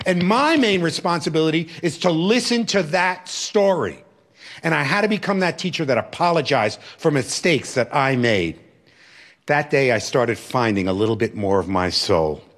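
A man telling a personal story with lots of expression, his pitch swinging widely as he goes. His voice sits a little above the usual range for a man. The telling is animated and vivid. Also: moderate pace. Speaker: former teacher and religious brother.

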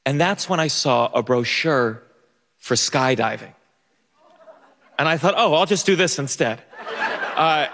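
Young man, live stage storytelling, fairly high voice, bright tone, stammering restarts, self-mocking, hall reverb. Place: theater stage.

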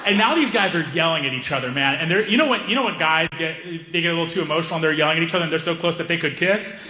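A man telling a stand-up story, animated, acting out the people in it. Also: a little high, racing, slight background noise. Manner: animated, acts out characters. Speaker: stand-up comedian. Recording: echoey hall reverb.

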